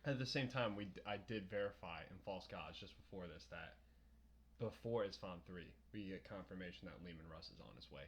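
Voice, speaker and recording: A young adult man co-hosting a podcast, chatting casually about a book, rambling and profane and quick to laugh. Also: sits low. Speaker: podcast co-host. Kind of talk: casual book-discussion chat.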